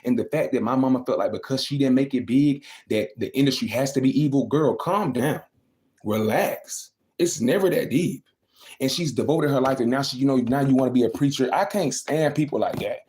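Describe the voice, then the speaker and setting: Fast-talking young man venting on a livestream. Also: mid-range voice, a little mellow. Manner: venting, emphatic, repeats himself. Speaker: livestreaming vlogger. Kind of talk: casual livestream rant.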